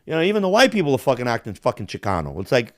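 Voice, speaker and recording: A man's voice: mid-range voice, huge pitch swings, very fast, no echo, clean studio sound. A man ranting on a casual podcast, heated and profane, mimicking accents to make his point. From Balkans. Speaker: podcast host.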